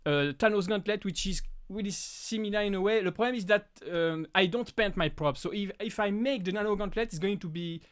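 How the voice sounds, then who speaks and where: A man from France with a French accent, whose first language is French, hosting a casual live Q&A and talking in halting bursts full of restarts. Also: high-pitched, fairly bright tone, clear, resonant tone. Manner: halting, frequent restarts and fillers. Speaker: live stream host.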